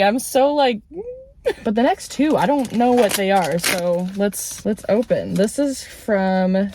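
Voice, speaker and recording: A woman book vlogger chatting casually in a parked car, gushing and excitable, laughing often as she talks. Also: medium pitch, moderate pace, a little hiss or hum. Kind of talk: casual vlog chat.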